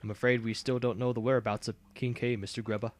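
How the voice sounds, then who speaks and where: A man voicing a prim female arena manager in a quiet, stiff, businesslike tone, reading game dialogue. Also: medium pitch, level tone, quick pace, lightly acted. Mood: formal.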